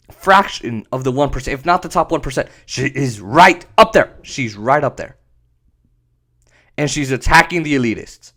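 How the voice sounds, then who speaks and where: A man's voice: a little high, fairly bright tone. A man hosting a podcast, ranting sarcastically with profanity and laughter. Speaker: podcast host. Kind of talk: ranting commentary.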